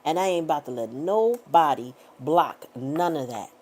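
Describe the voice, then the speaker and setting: Middle-aged woman tarot reader with a low voice, blunt and profane, talks in a casual motivational way. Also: expressive, moderate pace, darkish tone. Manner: emphatic, repetitive affirmations.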